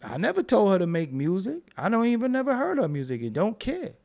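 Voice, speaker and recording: Young ny dude ranting on his channel, slightly high voice, blunt and cussing a lot. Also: wildly swooping pitch, fairly quick, vocal fry, darkish tone. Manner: blunt, profane, repetitive. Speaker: commentary channel host. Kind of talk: ranting commentary.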